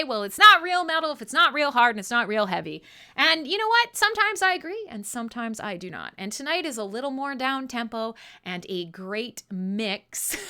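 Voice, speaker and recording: On the high side in pitch, this woman runs a live metal radio broadcast. Her casual banter with listeners is animated and profane, and she frequently laughs at herself.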